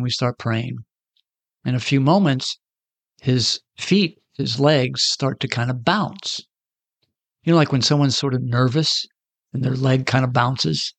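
Gravelly man telling a sermon story. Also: medium pitch, no room sound. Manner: conversational, acts out quoted voices. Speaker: preacher.

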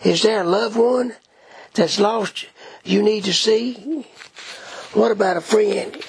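A man giving a dramatic first-person gospel tract reading, solemn, measured and pleading in the manner of a preacher. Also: high-pitched, vocal fry, breathy edge.

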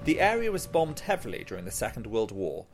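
A man hosting a podcast, reading scripted narration in a measured storytelling way. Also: on the low side, huge pitch swings, noisy background. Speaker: podcast host.

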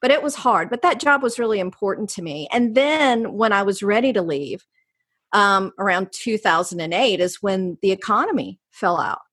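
Middle-aged woman, North Carolina Southern accent, animated interview storyteller, medium pitch. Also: moderate pace, husky. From North Carolina, USA. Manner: animated, jumps into voices when quoting people. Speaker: guest.

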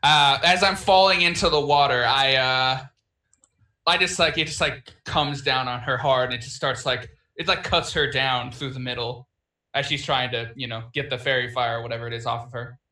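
A man's voice: medium pitch, steady tone, moderate pace, pushed and bright, roomy sound. A man playing a tabletop role-playing game, describing his character's actions with enthusiasm and many fillers. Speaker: player.

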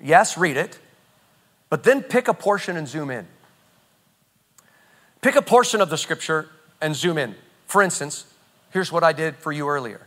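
A man preaching a sermon, emphatic and animated, often repeating phrases as he teaches. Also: a little high, normal speed, long pauses. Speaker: pastor.

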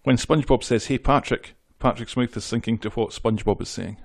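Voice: mid-range voice, fast talker, creaky, a little mellow, no room sound, studio quality. A podcast co-host in casual chat, reading out episode trivia and joking along. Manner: reads trivia notes, jokey, laughs easily.

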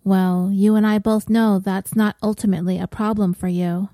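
A woman's voice: medium pitch, little pitch movement, normal speed, dark tone, dry recording, natural voice. A woman narrator voicing a mocking, disembodied inner voice that talks in a dry, needling way.

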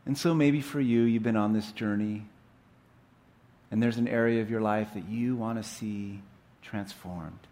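A male pastor giving a sermon, telling stories that swell in intensity and then drop to a low, quiet tone. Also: steady tone, measured pace. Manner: storytelling, building up scenes with rising intensity then dropping low.

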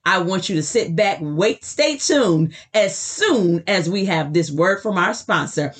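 A woman's voice: lowish voice, expressive, measured pace, slightly rough, soft background music. A woman hosting a motivational podcast as a success coach, enthusiastic and emphatic, often repeating words for effect.

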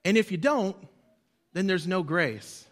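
A man preaching a sermon as pastor, swinging between loud emphasis and quiet drops, leading the congregation to repeat lines after him. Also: high voice, expressive, a little slow. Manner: leads the congregation in call-and-response.

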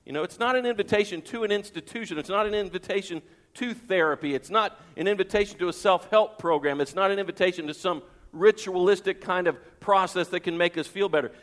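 A man's voice: high voice, fast, a bit bright, big-room sound. A man preaching a sermon as pastor, emphatic, with rhetorical questions and repeated phrases.

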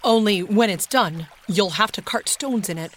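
A woman's voice: medium pitch, normal speed, a little hiss or hum, close to an everyday voice. A woman reading the lines of an earnest, eager boy, the older brother in a children's story.

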